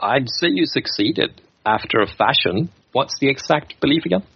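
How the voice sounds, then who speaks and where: Husky-voiced man running a tabletop game. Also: medium pitch, animated, moderate pace, no room sound. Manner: hesitant, with many fillers and restarts. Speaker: game master. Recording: dull lo-fi recording.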